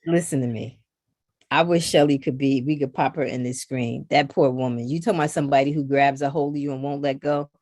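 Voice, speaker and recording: A woman's voice: very deep voice, brisk, no room sound, studio quality. A middle-aged woman, a guest on a knitting podcast, chatting casually and acting out what others said to her. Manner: animated storyteller who acts out others' lines. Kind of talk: casual conversation.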